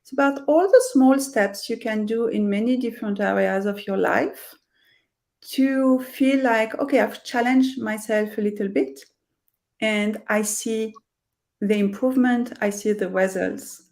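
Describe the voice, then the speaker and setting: A woman's voice: fairly high pitch, unhurried, creaky, a little mellow. A middle-aged woman with a French accent, a career coach speaking earnestly and reflectively in an interview over a video call, with many fillers and restarts. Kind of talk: interview conversation.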